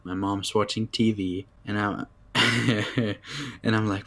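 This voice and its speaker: A man's voice: lowish voice, little pitch movement, a little slow, a bit bright. A young man co-hosting a podcast, chatting in an easygoing way, laughing along and making joking asides. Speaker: podcast co-host. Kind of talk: casual chat.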